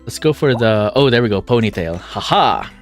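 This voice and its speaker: A man's voice: medium pitch, fairly quick, faint music behind. A man streaming a visual novel, commenting casually and chatting with a laugh. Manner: chatty, laughing, self-deprecating. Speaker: game streamer.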